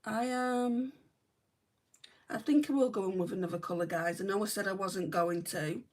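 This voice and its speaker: A woman's voice: fairly low pitch, quick pace, darkish tone. Chatty northern English woman, mic a bit far. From northwest England. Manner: chatty, rambling, fillers like "right" and "like". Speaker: beauty vlogger. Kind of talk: casual livestream chat while doing makeup.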